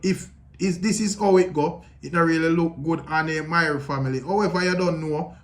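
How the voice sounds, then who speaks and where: A man with a Jamaican accent, hosting a livestream and talking through the news in a measured, conversational way, speaking straight to his viewers. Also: a little high, fairly bright tone. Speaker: livestream host. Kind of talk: casual commentary.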